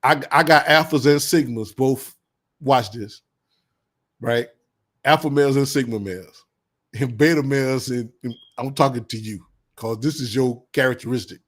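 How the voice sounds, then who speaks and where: Man, mid pitch, blunt preachy vlogger who repeats his points. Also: normal speed, a bit bright. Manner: blunt, preachy, heavy slang, repeats insults with bursts of laughter. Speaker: commentary vlogger. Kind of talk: casual advice monologue.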